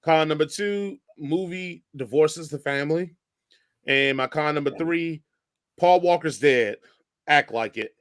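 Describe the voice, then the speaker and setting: A man with a fairly high voice hosts a podcast, moving briskly through quick lists of points. The recording is dry and close, with no room sound at all. He keeps the chat casual and upbeat. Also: clear, resonant tone, dry recording. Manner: runs segments with quick lists. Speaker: podcast host.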